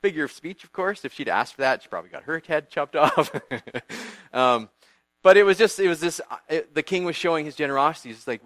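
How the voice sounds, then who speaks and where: A man giving a church youth group talk, retelling a Bible story in a lively way, acting out characters and quizzing his listeners. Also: a little high, moderate pace, no room sound.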